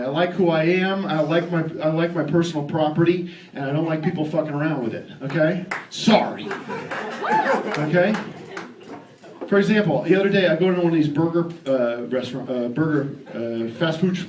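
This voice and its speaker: A man doing character stand-up as an indignant ranting loudmouth, with many restarts. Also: fairly high pitch, normal speed, background noise. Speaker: stand-up comedian. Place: live comedy venue. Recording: echoey live club recording from far off, crowd laughing.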